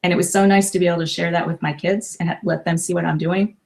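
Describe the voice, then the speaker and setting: Woman in her 50s gushing about coaching, gravelly fry in her voice, pretty flat pitch. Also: quick pace. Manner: effusive, emotional, many restarts. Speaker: life coach and author. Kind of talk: casual interview chat.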